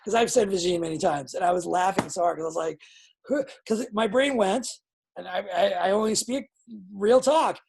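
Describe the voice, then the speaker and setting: A woman runs a live online wrestling class, giving students blunt feedback and swearing freely. Her voice has a husky edge and sits at a middle pitch. She sounds like she is on a video call. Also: fairly quick, a little mellow. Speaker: pro wrestling trainer.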